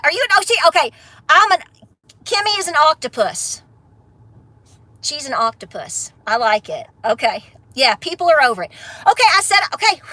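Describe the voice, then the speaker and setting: A woman's voice: sits high, pushed and bright, dry recording. A middle-aged woman, ranting bluntly on a casual livestream, then laughing and affectionate with her viewers. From Appalachia. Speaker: homestead vlogger.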